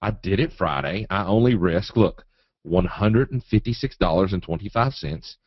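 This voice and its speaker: A man with a fairly low voice teaches a live trading webinar, folksy and animated as he acts out quotes and chart moves. The sound is dry and a little dull, like audio from a computer mic. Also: normal speed, slightly rough, no echo. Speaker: trading educator.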